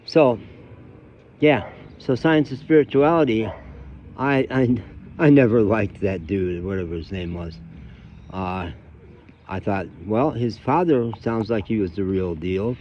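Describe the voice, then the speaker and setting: Low-voiced man, candid rambling talk. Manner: candid, reflective, rambling storytelling. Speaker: course host. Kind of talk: casual personal talk to camera. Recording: muffled lo-fi audio with faint noise.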